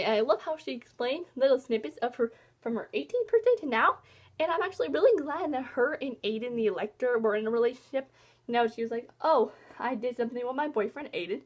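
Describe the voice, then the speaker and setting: A young woman vlogger chatting casually about a book she loved, gushing and emotional, rambling with lots of fillers. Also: sits high. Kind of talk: casual book review chat.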